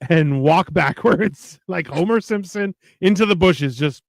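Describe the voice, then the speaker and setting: Middle-aged guy w a high gravelly voice, cussing and telling stories while he cooks. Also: unhurried, no room sound. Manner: animated storyteller, swears, acts out quoted lines. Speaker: co-host of a cooking stream. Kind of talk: casual chat while cooking.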